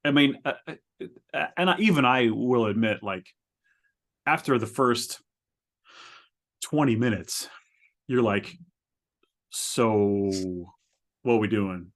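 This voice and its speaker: A man's voice: expressive, a little slow, long pauses, fairly bright tone. Stammering, rambling male podcast co-host. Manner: rambling, stammering, laughs often while describing. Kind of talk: casual chat. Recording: lower quality than usual.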